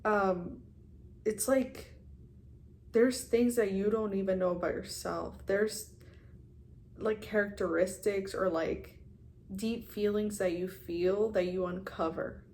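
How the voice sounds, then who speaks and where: Speaking slowly in a steady, medium-pitched voice with a darkish tone, a young woman in her twenties vlogs candidly about her life. She occasionally curses and calls her viewers "you guys." There's a little hiss or hum on the audio.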